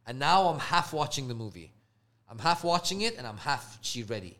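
Podcast co-host, male, lively swooping pitch, profane storyteller who acts out voices. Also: normal speed. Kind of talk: casual storytelling chat.

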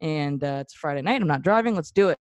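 A woman's voice: sits low, lively intonation, quick pace, darkish tone, dry recording. A woman in her thirties, hosting a casual chat and telling a story in a chatty way, laughing often. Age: 30s. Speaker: podcast host.

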